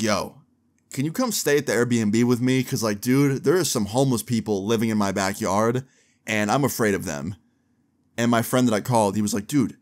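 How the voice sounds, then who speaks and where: Young man, low voice, casual storytime, animated, slangy, acts out quotes. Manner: animated, quotes people in quick bursts, casual slang and swearing. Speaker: storyteller vlogger.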